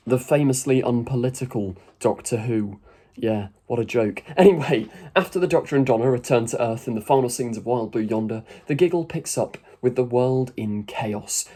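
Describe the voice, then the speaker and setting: A man's voice: mid-range voice, mellow. A man giving a chatty, rambling video review with casual asides. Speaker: YouTube reviewer.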